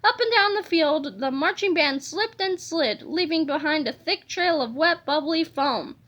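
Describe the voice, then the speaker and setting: A woman reading a children's storybook aloud in a lively, playful way, adding sound effects. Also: high voice, unhurried, lo-fi sound. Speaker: reader of a children's book.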